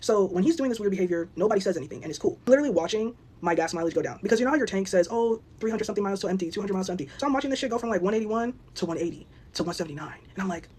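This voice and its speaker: A woman's voice: mid-range voice, lively intonation, a little mellow, husky. A young woman telling a personal story in casual vlog style, blunt and outspoken, swearing freely and acting out what each person said. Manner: rapid, blunt, swears freely, acts out both sides of the story.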